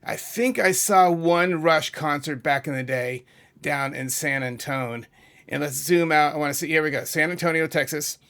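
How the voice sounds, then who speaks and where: A man's voice: fairly high pitch, normal speed, fairly bright tone. A middle-aged man from New England hosting his channel, chatting casually and rambling into asides and self-corrections while talking over a map. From New England, USA. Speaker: YouTube music channel host.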